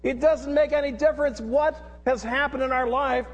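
A man's voice: very high-pitched, steady tone, moderate pace, big-room sound, lo-fi sound. A middle-aged man preaching a sermon in an earnest, repetitive way, leading the congregation to repeat lines after him. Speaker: pastor.

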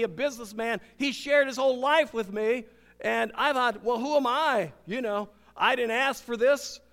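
An older man, a pastor, preaching a sermon with emphatic swings between loud declarations and hushed, intimate moments. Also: high-pitched. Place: church sanctuary. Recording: long hall reverb.

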